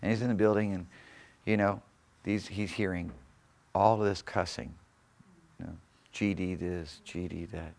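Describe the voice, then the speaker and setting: A pastor preaching a fervent sermon in a church, surging loud on key phrases and chuckling between points. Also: male voice, low-pitched, steady tone, measured pace, vocal fry. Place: church sanctuary.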